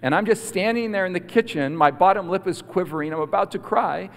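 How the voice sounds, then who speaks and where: A man preaching a storytelling sermon, animated and swinging from loud to hushed. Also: high-pitched, brisk. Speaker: guest preacher. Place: large hall at a school prayer week. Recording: long hall reverb.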